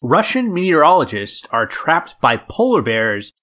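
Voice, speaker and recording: Male co-host, bright and playful, casual news chat. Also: fairly high pitch, sing-song, a little slow. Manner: playful, laughs easily. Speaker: podcast co-host.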